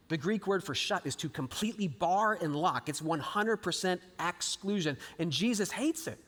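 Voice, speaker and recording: High-voiced pastor preaching in a hall. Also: male voice, normal speed, hardly any pauses. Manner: animated storytelling, acting out quotes with sudden swings from loud to hushed. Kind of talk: sermon. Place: large church auditorium. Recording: live sermon with long hall reverb.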